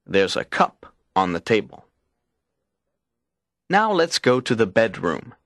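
Slow, dry-voiced man reading lesson instructions. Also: lowish voice, sing-song, a bit bright, no echo. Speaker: textbook audio instructor.

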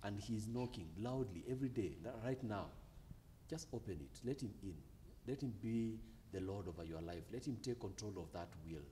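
A man hosting a relaxed Christian youth discussion, who laughs easily and slows into a drawn-out preaching cadence. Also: on the low side, a little hiss or hum. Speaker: host.

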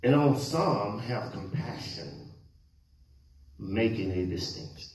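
A man's voice: fairly low pitch, expressive, slow, a little mellow. A male pastor preaching a sermon, questioning his congregation and waiting for answers. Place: church sanctuary. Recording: echoey church hall.

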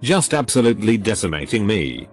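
A man reading reader-submitted stories aloud as scripted narration, saying the punctuation marks out loud in a flat delivery. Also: fairly low pitch, fairly quick, slightly rough, faint music behind.

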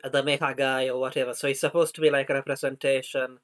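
A man's voice: mid-range voice, little pitch movement, fast talker. A man in a casual anime discussion, hesitant, stammering through his questions.

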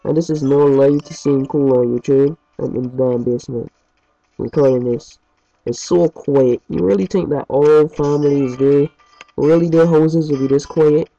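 A man with a slightly high, mellow voice rambles chattily through gameplay commentary as a let's play host, dropping mild swears. He records in his home basement on a muffled, lo-fi track with game music playing underneath. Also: steady tone, normal speed, vocal fry.

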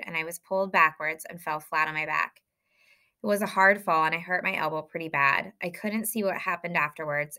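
A woman reads a novel aloud in a bright, sharp-edged voice pitched a little low for a woman. Her first-person storytelling is lively and well paced. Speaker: audiobook reader.

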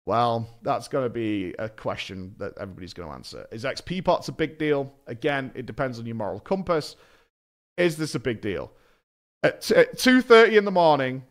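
A British man streaming a game, telling a rambling story with lots of swearing. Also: mid-range voice. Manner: rambling, swears often, self-mocking. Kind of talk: casual storytelling while gaming.

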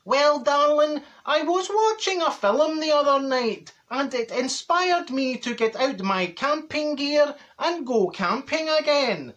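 A man's voice: very high-pitched, expressive, takes it slowly, hardly any pauses, a bit bright, highs cut off, pitched above the performer's own voice, full character voice. A man putting on the voice of a camp, chirpy neighbour with a Glaswegian accent who draws out his words and calls everyone darling.

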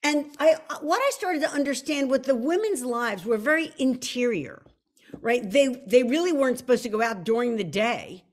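A woman's voice: fairly high pitch, lively intonation, moderate pace. A middle-aged woman chatting casually on a livestream, self-deprecating and restarting her sentences often. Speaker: author hosting a livestream.

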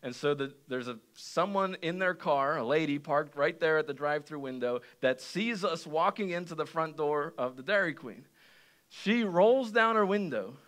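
A young man delivers a sermon from the pulpit, his voice bright and a touch higher than most. He speaks slowly and dramatically, letting some lines fall almost to a murmur and shouting others. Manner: animated storytelling, swings between quiet and shouting. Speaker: pastor. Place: church sanctuary.

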